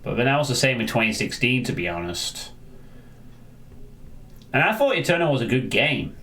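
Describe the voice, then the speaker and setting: A man's voice: mid-range voice, very animated, normal speed, pushed and bright. A man chatting casually on a live stream, rambling and answering viewers, often restarting his sentences.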